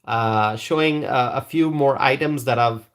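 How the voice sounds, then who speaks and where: A man's voice: medium pitch, a little slow, fairly bright tone. A man hosting a live stream, chatting casually with viewers and reading their comments in a rambling, hesitant way. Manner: rambling, hesitant, with frequent restarts.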